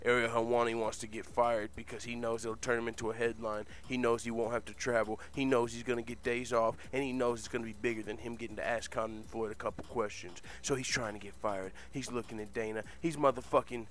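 A man's voice: mid-range voice, fast talker, hardly any pauses. A man hosting an online show, telling a comic made-up fight story full of swearing and laughter. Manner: profane, laughing, animated. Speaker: host.

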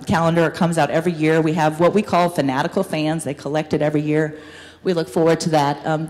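A woman's voice: fairly low pitch, a little mellow. A woman giving an upbeat business presentation to an audience, with frequent ums. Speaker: guest speaker, business owner. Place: university hall. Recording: hall reverb from a room mic.

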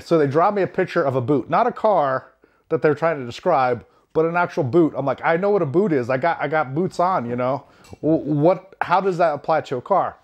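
A man from the United States telling a rambling personal travel story in a wry, self-deprecating way, with lots of fillers and asides. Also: a little high. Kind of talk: casual storytelling. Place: home.

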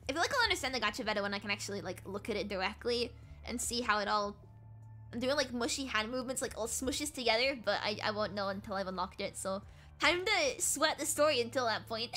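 A young woman streamer plays through a game live, reading its dialogue aloud and joking about herself as she goes. Her voice sits high and bright, with pitch that leaps around as she chatters. Faint game music plays softly behind her. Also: animated, fast talker. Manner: giggly, playful, self-mocking. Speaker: VTuber streamer.

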